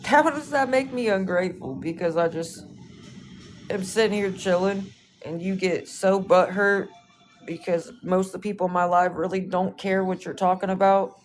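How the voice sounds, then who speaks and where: A woman's voice: fairly low pitch, little pitch movement, moderate pace, soft background music. A woman chatting casually on a livestream, brushing off trolls with a laid-back, dismissive, swear-heavy manner.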